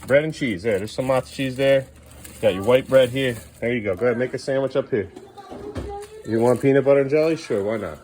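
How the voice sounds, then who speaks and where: A man's voice: medium pitch, fairly quick, a little mellow, soft background music. A man filming a casual home vlog, coaxing his kids along and talking to the camera. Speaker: parent vlogger. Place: family home kitchen.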